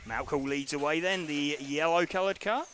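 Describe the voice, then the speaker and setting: Bright-voiced race commentator. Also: male voice, on the high side, moderate pace, a little hiss or hum. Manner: relaxed, hesitant with many ums and uhs.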